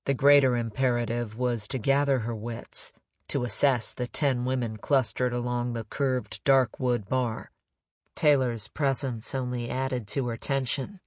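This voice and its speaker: A man reading a crime novel aloud in measured, even narration. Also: medium pitch, no room sound, clean studio sound. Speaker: audiobook narrator.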